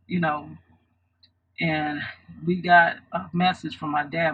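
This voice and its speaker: A woman's voice: deep voice, steady tone, slow, fairly bright tone, husky, highs cut off. A woman vlogger telling a personal story in an earnest, reflective way, often restarting her sentences.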